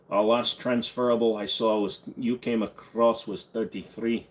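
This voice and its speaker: Man, low-pitched, blunt offhand live-stream host, casual chat. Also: level tone, normal speed, hardly any pauses. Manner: blunt, offhand, hums and sings snippets between questions. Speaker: host answering chat questions.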